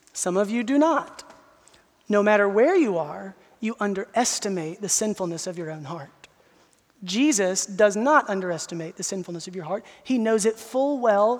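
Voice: mid-range voice, big-room sound. A pastor preaching an expository sermon, earnest and emphatic, speaking directly to the listeners.

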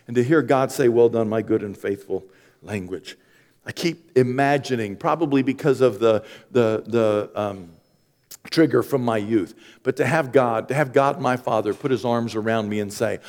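Male pastor, animated Easter sermon, swings from hushed to high and loud, long church-hall reverb. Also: moderate pace. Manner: animated, climbs high and loud when excited, then drops soft.

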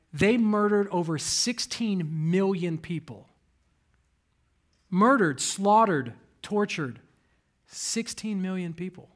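A man's voice: high voice, fairly bright tone. A man, a pastor, preaching a conversational sermon in a church, emphatic and direct, putting rhetorical questions to the congregation.

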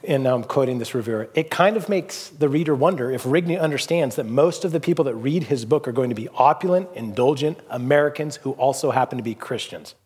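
A man's voice: mid-range voice, lively intonation, fast, few pauses, darkish tone, breathy edge. A middle-aged man pastor preaching a sermon in a loose, conversational storytelling manner, full of fillers and restarts. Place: church hall.

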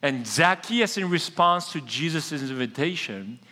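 A man's voice: a little high, expressive, a little slow, pushed and bright, big-room sound. A male pastor preaching a casual, conversational sermon and speaking directly to his congregation with questions.

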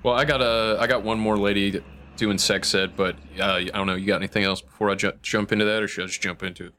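A man's voice: lowish voice, steady tone, quick pace, sharp tone. A man co-hosting a podcast in casual chat, laid-back and wry. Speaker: podcast co-host.

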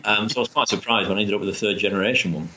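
A man's voice: on the low side, rapid-fire, bright, forceful tone, highs cut off. A man chatting enthusiastically as a guest, rambling with restarts. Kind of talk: casual chat.

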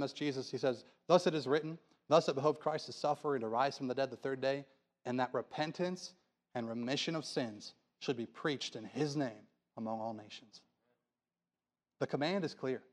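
A man preaching a sermon in a church, pleading with the congregation through earnest rhetorical questions. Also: medium pitch.

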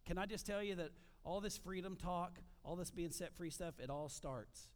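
A man preaching a sermon as pastor, animated, with frequent asides to the congregation. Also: high-pitched, moderate pace.

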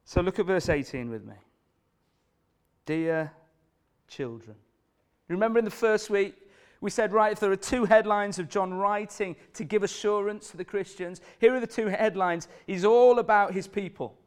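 A male preacher delivers a sermon with earnest emphasis. His voice sits a little higher than most men's, and he drives points home by repeating questions to the congregation. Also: fairly quick, smooth.

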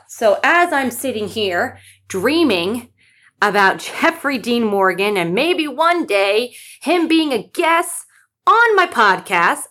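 A woman's voice: on the high side, a bit bright. A young woman hosting a solo podcast, chatting casually and gushing, with lots of fillers and asides. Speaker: podcast host.

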